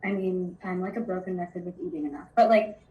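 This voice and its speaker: A woman guest sharing thoughts on intuitive eating in a relaxed, rambling way, with many fillers. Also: fairly low pitch, quick pace, slight background noise, rough recording. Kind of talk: conversational interview.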